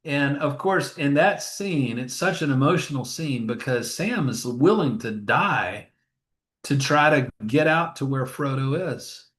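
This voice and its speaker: A man's voice: mid-range voice, animated, unhurried, a bit bright. A man, a grief counselor being interviewed, telling stories in an earnest, emotional way. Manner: earnest, emotional, retells scenes with acted quotes. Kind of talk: storytelling interview talk. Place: funeral home.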